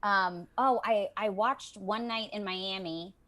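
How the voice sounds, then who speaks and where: A woman voice actor chatting as a guest in a remote interview, animated and emotional, often restarting her sentences. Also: mid-range voice, slow. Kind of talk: casual interview chat. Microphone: video call.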